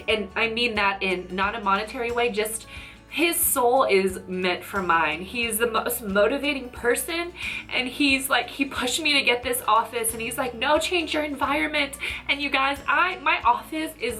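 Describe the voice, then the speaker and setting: Bright, chatty woman in her thirties vlogging from her office, rambling and heartfelt, faint music underneath. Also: fairly high pitch, normal speed. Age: 30s. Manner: chatty, rambling and emotional, often saying "you know". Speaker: YouTuber. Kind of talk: casual chat to camera. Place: tenth-floor office.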